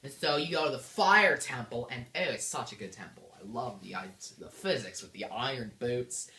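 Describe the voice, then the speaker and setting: A low-pitched woman retells a game in a bubbly, gushing way, her voice swooping up and down all the time. She speaks in an echoey room. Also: expressive, normal speed, fairly bright tone. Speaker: game reviewer. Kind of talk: casual game recap.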